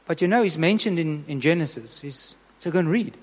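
A man's voice: fairly high pitch, fast, hardly any pauses, big-room sound. A man preaching a sermon, earnest and emphatic, asking the congregation questions.

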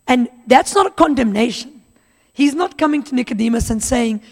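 A fairly high-voiced woman preaches in a casual, storytelling way, slipping into the voices of the people in the Bible passage. Her voice rings out with a long hall reverb around it. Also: lively intonation, normal speed. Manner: conversational, acts out Bible dialogue in voices. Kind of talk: sermon.

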